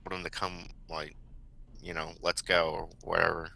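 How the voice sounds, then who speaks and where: A man's voice: sits low, little pitch movement, moderate pace, vocal fry, bright, forceful tone, no room sound, rough recording. A man playing a tabletop game, offhand and blunt about his character's moves. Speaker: player.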